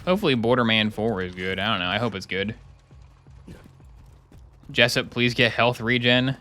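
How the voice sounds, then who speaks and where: Brief: young male streamer, bright, crisp tone, mid pitch, rambling sarcastic game commentary. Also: animated, moderate pace. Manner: rambling, jokey, sarcastic asides. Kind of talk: casual commentary while gaming.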